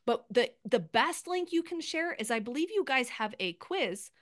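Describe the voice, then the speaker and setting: A woman leads a group coaching session over a video call, upbeat and chatty. Her voice sits a little high, and the sound is dry with no room echo. She keeps acting out example posts in bright bursts. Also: big pitch swings. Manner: upbeat, rapid, acts out sample posts. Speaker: sales coach.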